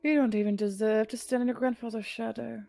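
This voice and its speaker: A woman voicing a cruel, mocking noblewoman while reading a visual novel aloud, slow and contemptuous. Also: fairly high pitch, steady tone, creaky, mellow, soft background music. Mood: scornful.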